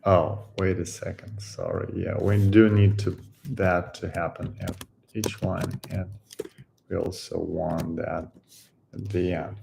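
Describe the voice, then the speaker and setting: A man hosting a coding tutorial, thinking aloud while he works through a problem, halting and musing with many pauses and fillers. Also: low-pitched, level tone, gravelly, darkish tone.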